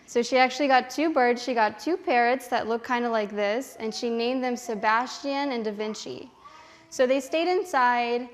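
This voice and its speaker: A young woman with a fairly high voice tells a story to children at church. She keeps them involved with questions and slips into the characters as she goes. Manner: animated, asks the children questions.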